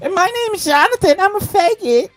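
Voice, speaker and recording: A woman doing a slow, mocking sing-song voice of an effeminate young man to taunt a rival in an online argument. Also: extremely high pitch, expressive, music in the background, voice pushed up.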